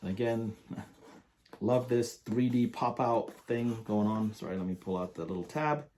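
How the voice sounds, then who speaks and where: A man's voice: on the low side, measured pace, dark tone, slight background noise. Enthusiastic man chatting through a perfume unboxing. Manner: enthusiastic, rambling, reads product blurbs aloud. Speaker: perfume reviewer. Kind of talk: casual unboxing review.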